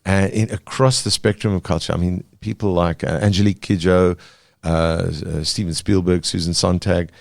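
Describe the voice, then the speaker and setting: A cartoonist as a podcast guest, talking thoughtfully with many fillers and restarts. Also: male voice, low-pitched, steady tone, moderate pace, gravelly, no room sound, clean studio sound. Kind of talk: podcast interview.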